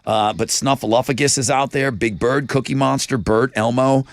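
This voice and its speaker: A man's voice: medium pitch, steady tone, normal speed, no room sound. A man hosting a morning radio show, joking with co-hosts in a studio and doing live ad reads.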